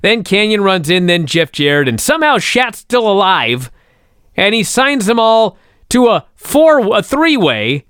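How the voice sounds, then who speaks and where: A man's voice: high-pitched, a little slow, clear, resonant tone, dry recording, clean studio sound. A man co-hosting a casual podcast, telling stories with lots of swearing and acting out quotes. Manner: animated, profane storytelling, acts out quotes. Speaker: co-host.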